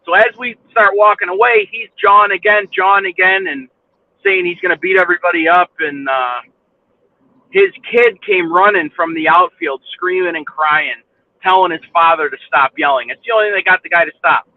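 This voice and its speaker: Swearing high-voiced man on a tinny line. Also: moderate pace. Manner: profane, rambling, lots of swearing and restarts. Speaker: livestream chat host. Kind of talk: casual storytelling chat.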